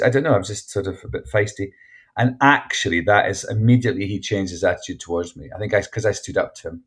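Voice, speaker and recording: A Scottish man, an actor and author, telling stories frankly in an interview with lots of restarts. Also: lowish voice. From Scotland. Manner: chatty, frank, many restarts. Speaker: actor and memoir author, guest. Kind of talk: casual interview storytelling.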